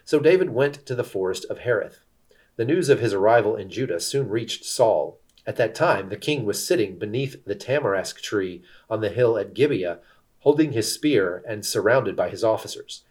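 A man reading scripture aloud as scripted narration, steady and measured. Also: on the low side. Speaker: scripture reader.

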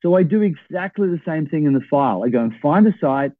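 Man, 60s, podcast guest, animated storyteller, dry tinny phone-line sound. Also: fairly high pitch, fast, no room sound. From Australia. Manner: animated, checks in with "right?". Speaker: podcast guest, property investor. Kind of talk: storytelling in a conversation.

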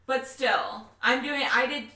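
A woman's voice: high voice, a little slow, a crowd in the background. A young woman co-hosting a casual home podcast, giggly and bouncy. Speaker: podcast co-host. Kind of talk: casual chat. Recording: echoey room, mic far off, faint background hiss.

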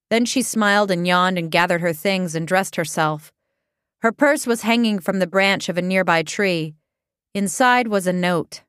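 A woman reading a comic story aloud as narrator, in a deadpan way. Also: on the low side, normal speed, clear, resonant tone, dry recording, clean studio sound.

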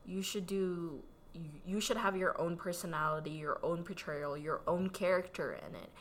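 A woman's voice: fairly low pitch, moderate pace, slight background noise. A woman from the Philippines with a slight Filipino accent, co-hosting a casual chat in a chatty, playful way and laughing easily. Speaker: podcast co-host.

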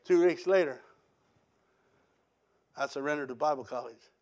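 A man preaching a sermon, telling his testimony in an animated storytelling way and quoting other people. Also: on the high side, moderate pace. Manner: animated storytelling with quoted voices.

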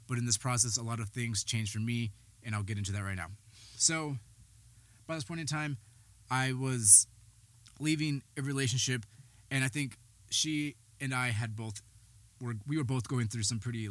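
A man's voice: mid-range voice, fairly even intonation, moderate pace, a bit bright, no echo. A man hosting a podcast, telling his personal story in a candid, rambling way, swearing freely and sounding slightly out of breath. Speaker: podcast host; behavioral health worker.

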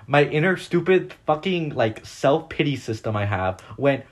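A man co-hosting a casual podcast chat, telling stories in a rambling, excitable way full of fillers. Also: fairly high pitch, normal speed. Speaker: podcast co-host.

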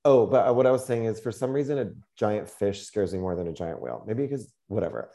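A woman's voice: extremely low pitch, animated, brisk, dark tone. A woman co-hosting a casual chat, talking in a rambling, hesitant way and correcting herself often. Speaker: podcast co-host.

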